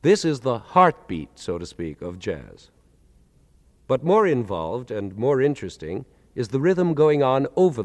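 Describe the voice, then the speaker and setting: A man's voice: medium pitch, a little mellow, big-room sound. A man giving an articulate, explanatory lecture, counting beats aloud and stressing them to demonstrate. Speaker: lecturer presenting with a band.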